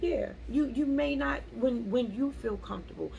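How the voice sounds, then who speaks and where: Gravelly-voiced woman giving earnest encouragement. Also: a little high, moderate pace, mellow, lo-fi sound, slight background noise. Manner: earnest, repeats phrases for emphasis. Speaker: motivational vlogger. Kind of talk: casual faith-based encouragement.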